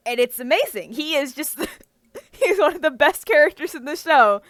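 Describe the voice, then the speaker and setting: A woman's voice: sits high, animated, moderate pace, a bit bright, no room sound. A woman co-hosting a casual chat, talking with eager enthusiasm and many restarts. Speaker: podcast co-host.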